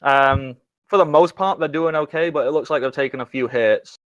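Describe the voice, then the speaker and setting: A man runs a tabletop game as game master and narrates in a mid-pitched, halting voice full of fillers. The recording is close and dry with no room echo. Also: fairly bright tone, dull audio.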